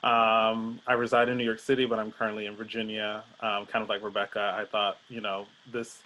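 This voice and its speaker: Man, bright and forward tone, casual reflective talk, video call audio. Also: fairly low pitch, fairly quick, low-quality recording. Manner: relaxed, loose, with fillers. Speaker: panel guest.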